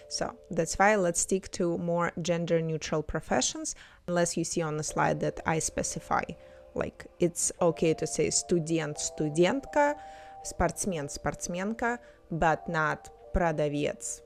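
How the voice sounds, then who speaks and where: Slow, patient woman teaching vocabulary. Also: on the low side. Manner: repeats each word slowly for learners to imitate. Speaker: language teacher. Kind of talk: slow, clear language lesson with repetition.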